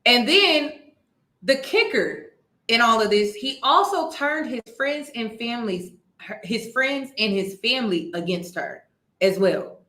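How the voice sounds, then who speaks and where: A woman hosting a reaction commentary, animated and exclaiming, often repeating herself. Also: on the high side, measured pace. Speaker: commentary video host. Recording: echoey room.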